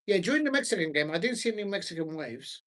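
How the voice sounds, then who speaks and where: Guy doing a football chat, kinda high voice, lots of ums, all over the place. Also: sing-song, fast talker, a bit bright. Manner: hesitant, with many ums and restarts; scattered, searching through notes while talking. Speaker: football watch-along host. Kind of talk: rambling solo football chat.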